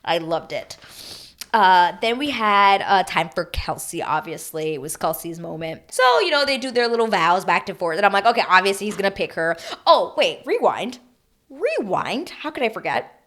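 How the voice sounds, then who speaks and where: A woman's voice: lowish voice, a little fast, fairly bright tone. Chatty young woman gushing over a TV recap. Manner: chatty, gushing, filler-heavy with emotional asides. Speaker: recap vlogger. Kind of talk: casual reality TV recap.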